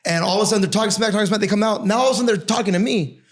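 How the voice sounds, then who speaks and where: A podcast co-host, a man, telling a work story in a rapid, exasperated way. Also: high voice. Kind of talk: casual podcast chat.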